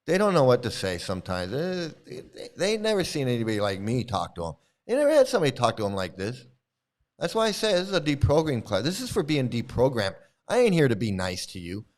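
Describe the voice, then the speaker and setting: Angry, swearing man with a lively pitch. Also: quick pace. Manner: angry, profane, confrontational. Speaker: YouTube channel host. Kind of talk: profane live-stream rant.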